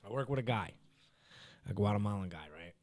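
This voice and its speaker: A man hosting a podcast, telling a work story in casual chat, swearing freely and getting loud when he mimics coworkers. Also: on the low side, animated, fairly quick. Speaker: podcast host. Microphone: studio podcast mic.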